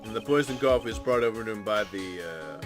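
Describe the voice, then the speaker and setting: Man playing a loud bumbling cop, stammering, eager, game music behind. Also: on the low side, lively intonation, quick pace, lightly acted. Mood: earnest. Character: gruff adult male police detective, eager.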